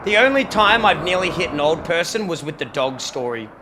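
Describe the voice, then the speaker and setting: A young man streaming, reacting to videos and telling a story in casual chat, animated and swearing freely. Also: a little high, fairly quick, noisy background.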